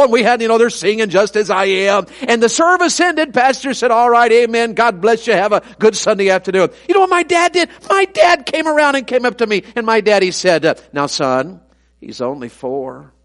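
A man's voice: extremely high pitch, animated, a little fast, hardly any pauses, a bit bright. A middle-aged man, an evangelist preaching a sermon full of folksy, self-deprecating family stories.

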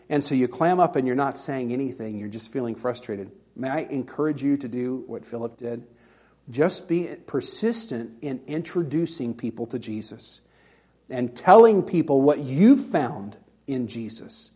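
A man's voice: mid-range voice, normal speed, slightly rough. A man preaching a sermon as pastor, telling stories and acting out quoted voices. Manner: folksy storytelling with animated quoted voices.

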